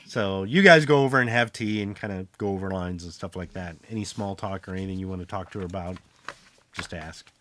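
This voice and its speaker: A man's voice: sits low, a little fast, fairly bright tone, no room sound. A man narrating as game master in a casual tabletop role-playing game.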